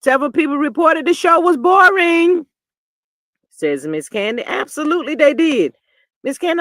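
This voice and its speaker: Hosting a reality TV commentary live stream, a woman reads her viewers' comments aloud and fires back with sass and animation, veering between quiet muttering and loud outbursts. The recording is dry and studio quality.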